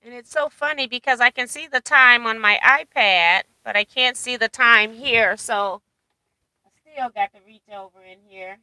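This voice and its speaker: A woman's voice: on the high side, moderate pace, pushed and bright, dry recording, poor audio. A woman hosting a casual livestream, reading out viewer comments and chatting with a laugh. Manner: chatty, laughs often, reads comments aloud. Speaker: livestream host.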